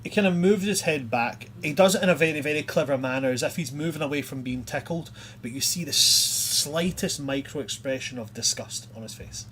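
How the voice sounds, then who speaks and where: A man's voice: fairly high pitch, brisk, fairly bright tone, slight background noise. A man narrating a tabletop game as game master, chatty and loose. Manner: chatty, loose, many fillers.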